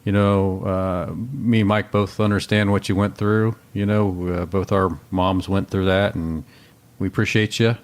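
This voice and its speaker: A man's voice: low voice, steady tone, a little slow. A man co-hosting a podcast in casual, joking, rambling chat. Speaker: podcast co-host.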